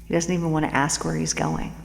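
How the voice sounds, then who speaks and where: A woman's voice: low voice, big pitch swings, quick pace, vocal fry, a little hiss or hum. A woman host and spiritual teacher telling a parable in a casual, meandering way, with lots of fillers and repeated words. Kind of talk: storytelling a parable. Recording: echoey room with long reverb.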